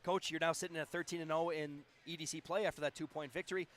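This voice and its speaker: A man's voice: on the high side, fairly even intonation, fast talker, fairly bright tone. Rambling man sports broadcaster. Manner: rambling questions with restarts. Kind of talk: post-game interview.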